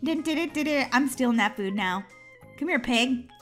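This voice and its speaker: A woman hosting a gaming channel, chatting excitedly through a video game and squealing when she is chased. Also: high voice, normal speed, faint music behind. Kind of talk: playing a video game with commentary.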